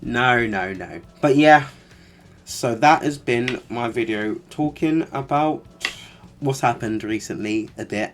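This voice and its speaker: A man's voice: on the low side, a little hiss or hum. A man giving casual reaction commentary, exasperated and sarcastic, with lots of fillers. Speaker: commentary vlogger.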